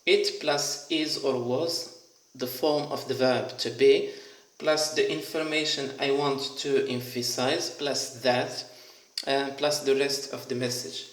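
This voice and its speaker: A man teaching an English grammar lesson, explaining step by step and repeating example sentences slowly and deliberately. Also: mid-range voice, fairly even intonation. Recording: echoey room.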